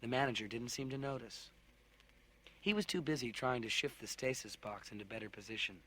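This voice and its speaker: A man narrating a children's science fiction audiobook in an expressive storytelling manner. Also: medium pitch, fairly quick. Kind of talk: audiobook narration with character voices.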